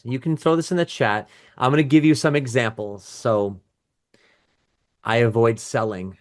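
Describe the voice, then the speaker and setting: A middle-aged man coaching a live webinar over a video call, his voice sitting at an ordinary middle pitch. He talks in a loose, conversational way, restarting sentences and reading chat comments aloud to his audience. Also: normal speed. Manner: casual and conversational, with restarts and asides. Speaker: business coach.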